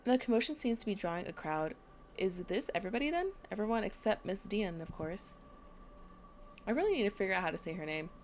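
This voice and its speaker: A woman playing a story game, reading its dialogue aloud and adding quick comments of her own. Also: mid-range voice, animated, slight background noise. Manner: reads dialogue aloud between quick asides. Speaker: game streamer.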